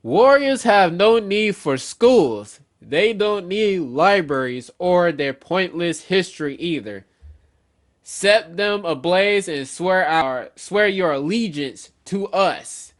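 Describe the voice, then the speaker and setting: A cold, arrogant knight villain, read out by a man makes slow, commanding threats. The voice sits fairly high, and the delivery is unhurried. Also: expressive.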